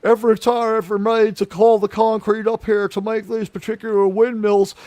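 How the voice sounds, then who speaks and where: A man putting on a gruff, blunt middle-aged oilman who lectures in a preachy rant. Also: high voice, flat delivery, moderate pace, darkish tone, lightly acted. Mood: lecturing.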